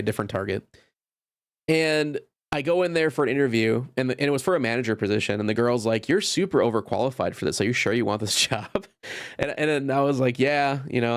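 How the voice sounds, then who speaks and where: A man's voice: medium pitch, dry recording, studio quality. A man in his thirties hosting a podcast, telling workplace stories in a rambling, self-interrupting way, swearing freely and laughing often. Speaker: podcast host. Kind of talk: casual storytelling monologue.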